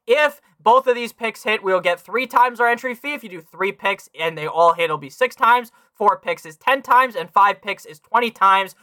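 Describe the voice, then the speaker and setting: Brash, bright-voiced sports podcast man. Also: sits high, animated, moderate pace, few pauses, no room sound, clean studio sound. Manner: brash, swears freely, talks to listeners directly; reads a sponsor ad. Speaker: fantasy football podcast host. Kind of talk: casual profane sports analysis.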